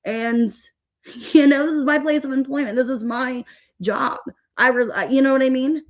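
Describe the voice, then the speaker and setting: Woman, tarot livestream host, fed-up venting, fairly high voice, halting restarts. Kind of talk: livestream chat to viewers.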